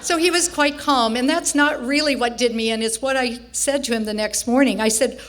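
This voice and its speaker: A woman's voice: a little high, moderate pace, hardly any pauses, fairly bright tone. An older woman telling a funny personal story on stage before an audience, wry and self-mocking, laughing now and then.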